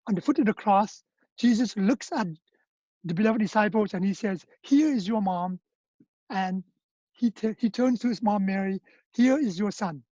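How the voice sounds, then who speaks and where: A woman leading an online retreat, giving a gentle, prayerful reflection and guided prayer with hesitant restarts, over a video call. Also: mid-range voice, normal speed, husky, no room sound. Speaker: retreat leader. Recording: muffled lo-fi video call audio.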